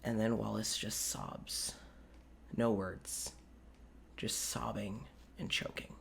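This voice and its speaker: A man's voice: fairly low pitch, little pitch movement, vocal fry, a bit bright, slight background noise. Man narrating as game master. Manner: quick, descriptive, stops to correct names.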